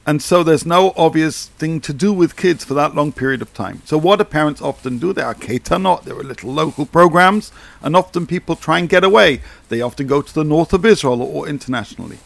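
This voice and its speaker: Give me a man with a gravelly, fry-edged voice, talking in a calm, explanatory way as a podcast co-host. The sound is dry and close, with no room around him. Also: on the high side, fairly quick, dry recording. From Britain. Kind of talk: casual chat.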